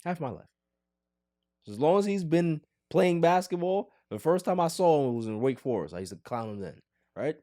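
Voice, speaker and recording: Animated man hosting a sports podcast. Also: on the high side, normal speed, no room sound, studio quality. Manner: animated, jokey, theatrically pleading. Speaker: podcast host. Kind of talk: casual sports chat.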